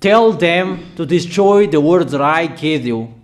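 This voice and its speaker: A man preaching a declaratory sermon, emphatic and repetitive, addressing listeners directly with halting pauses. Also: fairly high pitch, animated.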